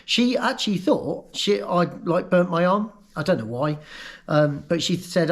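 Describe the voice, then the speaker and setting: A man tells his own story in a candid, personal way. His voice sits a little higher than most men's, and he is emotional, halting at times as he speaks. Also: expressive. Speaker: vlogger recounting his own accident.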